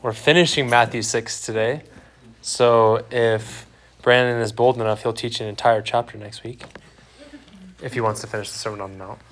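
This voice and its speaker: A man's voice: medium pitch, fairly even intonation, moderate pace, fairly bright tone. Young male preacher, easygoing sermon delivery, plays out quotes for laughs, church setting. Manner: conversational, joking preaching with acted-out quotes. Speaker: pastor. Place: church sanctuary.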